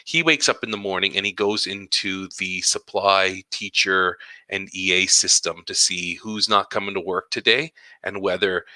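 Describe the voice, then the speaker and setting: This male elementary school teacher speaks low at a moderate pace, barely pausing, in a dry recording. In a casual podcast monologue, he tells animated stories about his job and acts out the conversations.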